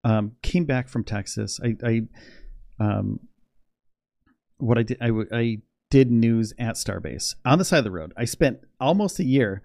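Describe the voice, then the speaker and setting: Excited rambling man on a livestream. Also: mid-range voice, gravelly, dry recording, clean studio sound. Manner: rambling, excitable, laughs often. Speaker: space news livestreamer. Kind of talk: casual livestream chat.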